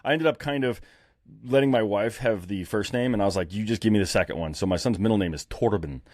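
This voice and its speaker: A man hosting a podcast, chatting casually with quick, eager reactions and joking asides. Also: on the low side, a little mellow, no room sound, studio quality. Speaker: podcast host.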